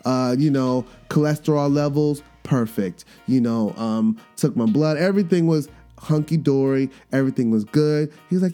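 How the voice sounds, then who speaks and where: A man in his thirties hosting a podcast, telling a story in a casual, animated way and acting out the quoted lines with sudden jumps in pitch. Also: normal speed. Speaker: podcast host. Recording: faint guitar music underneath.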